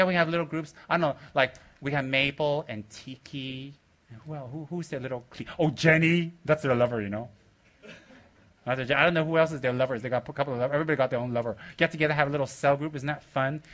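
A man with a fairly high voice leads a loose, teasing talk to his students. His tone is bright and forceful, and he keeps joking, laughing and coaxing the room with questions. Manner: joking and playfully rude, laughing often, bursts of loud excitement. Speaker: spiritual teacher addressing his students. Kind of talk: teasing, rambling talk to a group.

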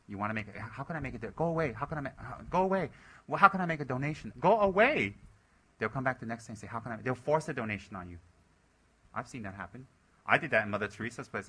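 A middle-aged man with a bright, forceful voice delivers a dharma talk to his center's members. He scolds and urges them on, and slips into mocking voices to parody their excuses. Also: lowish voice. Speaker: Buddhist teacher.

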